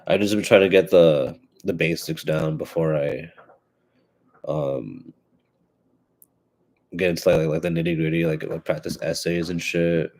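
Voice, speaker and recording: A man's voice: extremely low pitch, fairly even intonation, measured pace, pauses often, darkish tone. A young man hosting his own podcast, sounding stuffy from allergies, rambling in casual chat with lots of swearing and fillers. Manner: rambling and profane, with many fillers and restarts. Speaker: podcast host.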